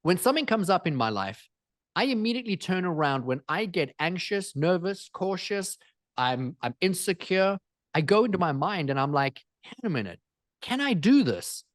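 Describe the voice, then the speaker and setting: A man speaking as a guest in an interview, energetic and emphatic, driving points home with repetition. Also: high voice, normal speed, no echo, studio quality. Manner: energetic, emphatic, repeats phrases for effect. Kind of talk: animated interview storytelling.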